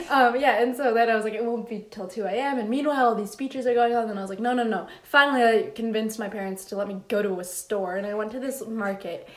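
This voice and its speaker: Teen girl co-host, slightly high voice, rambling casual chat, roomy echo. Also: fairly even intonation, brisk. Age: teens. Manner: rambling, many "like" fillers. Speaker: podcast co-host. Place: room.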